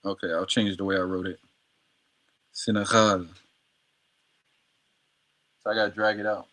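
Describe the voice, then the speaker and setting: A man with a somewhat low voice talks through his language practice on a livestream. He repeats each word several times and drops in easy slang between tries. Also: flat delivery, measured pace, fairly bright tone. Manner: repeats words over and over, slangy and playful. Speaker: streamer learning Arabic.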